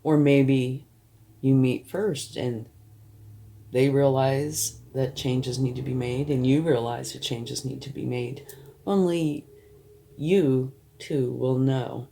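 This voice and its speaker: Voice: medium pitch, fairly even intonation, takes it slowly, creaky, warm tone. A tarot reader giving a reading to the viewer, reassuring and often checking in, thinking aloud while turning cards.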